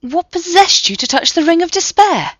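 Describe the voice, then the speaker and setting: A woman voicing a flustered, fussy male professor who talks breathlessly in a high, fluttering voice. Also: very animated, normal speed, no echo.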